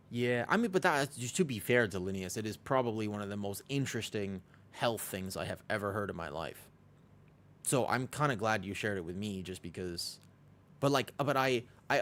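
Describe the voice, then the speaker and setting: A man's voice: on the low side, fairly bright tone, slight background noise. A man streaming a game, chatting casually with viewers in a rambling way. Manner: rambling, lots of "like" fillers. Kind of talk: casual livestream chat.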